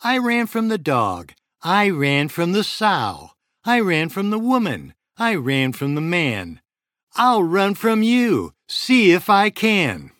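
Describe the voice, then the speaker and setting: A man doing a high, cocky gingerbread man. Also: wildly swooping pitch, slow, a bit bright, no echo, exaggerated voice. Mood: boastful. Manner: high, cocky, sing-song taunting. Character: boastful runaway gingerbread man cookie.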